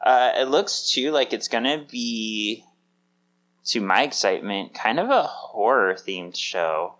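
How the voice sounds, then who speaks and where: A man's voice: medium pitch, lively intonation, slow pace, fairly bright tone. A man co-hosting a podcast in casual chat, talking in an upbeat, chatty way with lots of fillers. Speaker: podcast co-host.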